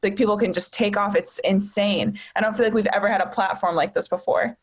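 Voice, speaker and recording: A woman's voice: medium pitch, fairly even intonation, a little fast, husky. A young woman, a stand-up comedian, talking casually as a podcast guest, telling stories with quoted voices and a lot of swearing. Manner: chatty storyteller, quotes people, swears freely. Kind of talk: casual chat.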